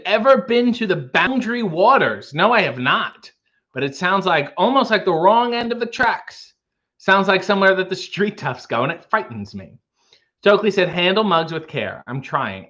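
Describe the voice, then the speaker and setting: A man hosting a casual livestream, reading viewer comments aloud and answering with wry, deadpan, rambling jokes. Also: fairly high pitch. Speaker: livestream host reading chat. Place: home, making coffee. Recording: lo-fi muffled stream audio.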